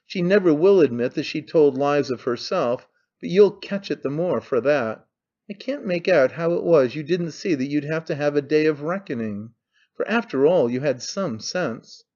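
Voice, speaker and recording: A man's voice: on the high side, lively intonation, moderate pace, darkish tone, lo-fi sound. A man voicing a brash young man who mocks his father in an offhand, needling way. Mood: mocking. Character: young man, mocking, cynical, brash son.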